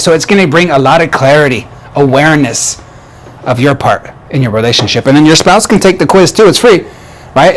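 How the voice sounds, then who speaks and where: A man coaching married couples in a direct advice talk, emphatic, often restarting phrases and asking the listener "right?". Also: fairly high pitch. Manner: asks the audience "right?" and "yes or no?". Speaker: relationship coach.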